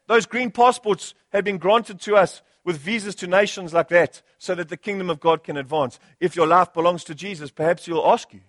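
South African male preacher, high voice, dry close sound, punchy repeated phrases. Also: normal speed, few pauses, a bit bright, no echo. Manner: rhetorical, repeating phrases and asking "Hello?". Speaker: pastor. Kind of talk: sermon.

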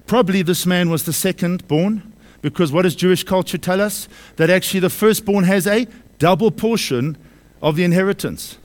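Emphatic male preacher, slightly high voice. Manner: emphatic, repeats key phrases and asks the congregation questions. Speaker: pastor. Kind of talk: sermon. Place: church service.

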